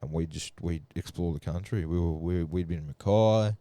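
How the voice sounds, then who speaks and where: A man's voice: low-pitched, normal speed, warm tone, dry recording. A young Australian man chatting casually on a podcast, telling rambling stories full of swearing. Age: young adult. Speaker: podcast guest. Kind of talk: casual chat.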